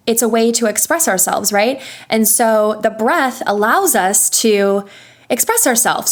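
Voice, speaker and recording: Woman voice coach talking thru warmups, patient and instructive, does little hums and sighs. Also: a little high. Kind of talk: podcast interview, explaining vocal exercises.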